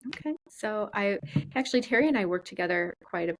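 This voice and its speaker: A woman's voice: mid-range voice, animated, brisk. A woman guest who works as a child and family therapist, talking in an easygoing, casual way with occasional ums. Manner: easygoing, uses fillers like um. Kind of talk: casual chat.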